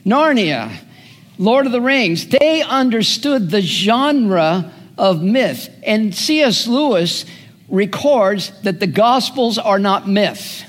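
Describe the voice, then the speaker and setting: A man preaching a sermon as a pastor, telling stories earnestly with drawn-out pauses. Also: high voice, lively intonation. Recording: long hall reverb.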